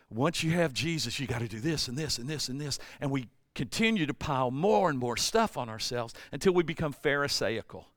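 A male pastor preaches in a conversational, animated way, slipping into the voices of the people he describes. His voice sits high, with a crisp, smooth tone. The sound is close and dry. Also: dry recording. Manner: conversational and animated, acts out quotes. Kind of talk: sermon.

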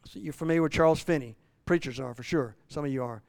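An older male preacher in his sixties works through scripture in a homey, joking way, tripping over his words and restarting often. His voice is smooth and sits a touch high for a man, and it climbs loud and high when he acts out a frustrated believer. The sound is dry and close to the mic. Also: quick pace, dry recording. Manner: folksy, self-deprecating preaching with many restarts; rises loud and high when voicing the apostle's struggle. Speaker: pastor. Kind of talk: sermon.

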